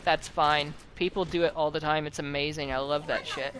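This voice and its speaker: A young man chatting casually while gaming, telling animated stories with a lot of swearing and acted-out quotes. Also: a little high, normal speed, crowd noise, poor audio. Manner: animated storyteller, swears often, acts out quotes. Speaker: host. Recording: game music playing loudly behind.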